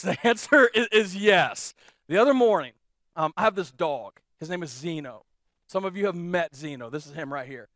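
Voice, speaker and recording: A man preaching a sermon as pastor, telling stories in a lively way and repeating phrases for emphasis. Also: high voice, no room sound, studio quality. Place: church.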